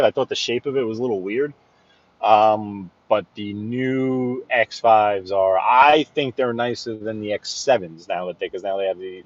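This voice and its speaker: A man's voice: medium pitch, dry recording, lo-fi sound. A man giving casual running commentary while he drives, chatty, laughing at his own stories and repeating phrases, recorded on a phone inside a car. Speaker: vlogger driving through his neighborhood. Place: inside a car on city streets.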